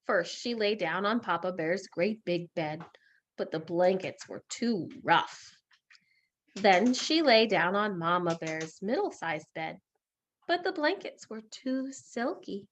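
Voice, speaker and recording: A woman teacher reading a story aloud in a lesson, expressive and asking questions. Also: medium pitch, slow pace.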